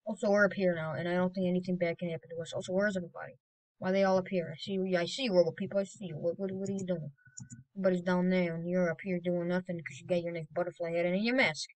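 Rambling, excitable woman gamer. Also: fairly low pitch, quick pace, rough recording. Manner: rambling and excitable, with sudden loud exclamations. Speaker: gaming video creator. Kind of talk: casual gameplay commentary.

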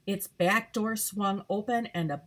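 A woman's voice: mid-range voice, measured pace, a bit bright. A woman reading a children's storybook aloud carefully to young listeners. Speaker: troop leader reading aloud.

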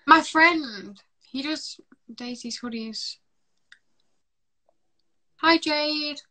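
A woman's voice: sits high, extremely slow. A teenage girl hosting a live stream, chatting casually and reading out viewer comments. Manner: relaxed, chatty, reads out comments.

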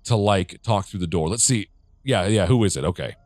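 A man's voice: sits low, fairly quick, a little mellow, no echo. A man from the United States giving rambling, profane let's play commentary, with jumpy reactions as he plays a horror game. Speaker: gamer.

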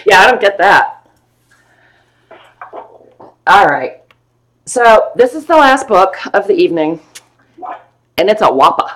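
A woman's voice: medium pitch, very animated, slow pace, pauses often, a bit bright. A woman hosting a live stream sale of vintage books, chatting playfully and gushing over each one. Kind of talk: casual live sale chat.

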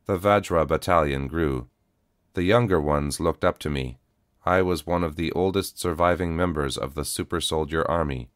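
A man voicing an old, weary male cyborg super soldier in an audio story, with flat, formal, measured speech. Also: a bass voice, no echo, clean studio sound. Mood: solemn. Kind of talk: audiobook character voice.

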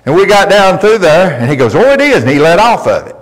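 Folksy preacher in a reverberant church. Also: male voice, on the high side, expressive, a little fast. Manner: emphatic, folksy storytelling preacher. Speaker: pastor. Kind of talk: sermon. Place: church sanctuary. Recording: long reverb of a church hall.

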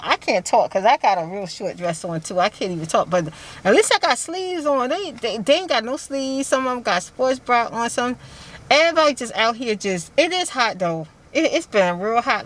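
A woman's voice: mid-range voice, slight background noise, rough recording. A woman chatting casually to her vlog audience from inside a car, rambling and laughing often. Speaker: vlogger.

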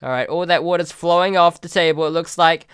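A man's voice: on the high side, a little fast, fairly bright tone, clean tone, dry recording, clean studio sound. A man hosting a let's play, commenting on a game in an exasperated way and pleading with the objects on screen. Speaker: gaming video host.

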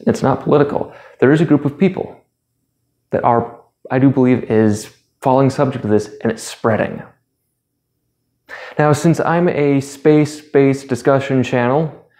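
Male host, mid-pitched, dry sarcastic commentary delivery. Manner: sarcastic, deadpan asides. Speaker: YouTube channel host.

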